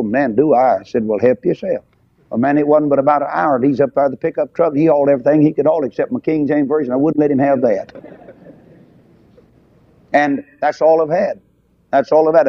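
A man's voice: fairly high pitch, dry recording. An older man preaching a revival sermon in a folksy, emphatic way. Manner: folksy, emphatic, rising to shouts on key phrases. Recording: dull lo-fi sound.

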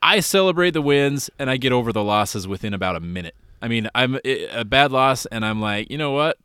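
Laid-back middle-aged man, smooth voice. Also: mid-range voice, expressive, brisk, sharp tone, no echo, studio quality. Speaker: sports podcast co-host. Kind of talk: casual chat.

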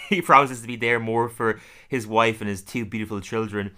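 A man hosts a casual podcast and recaps cartoon episodes with a grin in his voice. His tone is bright and forward. He laughs often and scatters fillers through his talk. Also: fairly low pitch, fairly even intonation, normal speed. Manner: chatty, laughs often, many fillers, acts out quotes. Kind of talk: casual chat.

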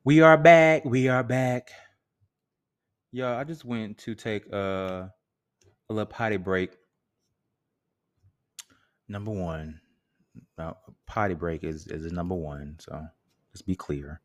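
A man talks through his solo podcast in a relaxed, joking way, full of slang and asides. His voice sits fairly low. He sounds easygoing and chatty. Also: slow pace, long pauses. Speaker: podcast host.

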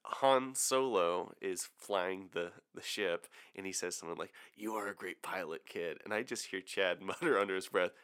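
Bright-voiced, low-pitched male co-host. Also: moderate pace, few pauses. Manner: enthusiastic, teasing, laughs often. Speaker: podcast co-host. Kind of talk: casual chat.

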